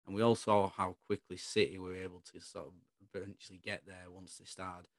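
A man with a fairly low voice rambles through his football opinions in a relaxed, casual chat. The recording is close and dry, with no room sound around him. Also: fairly quick, dry recording. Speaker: football podcast co-host.

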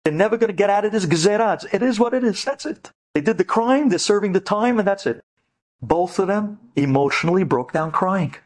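Speaking fairly quickly with lively intonation, this rabbi uses a somewhat high voice for a storytelling lecture aimed straight at the women in his audience. Every story gets a dramatic treatment, with large pitch jumps as he voices each character.

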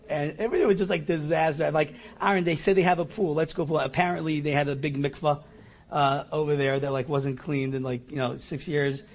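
A middle-aged man telling a personal anecdote, animated and self-mocking, acting out his own lines. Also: a little high. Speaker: storyteller. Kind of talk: personal anecdote told to an audience.

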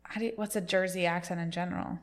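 A woman's voice: on the low side, steady tone, fast. Giggly young woman podcast co-host. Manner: playful, giggly, tries silly accents. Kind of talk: casual chat.

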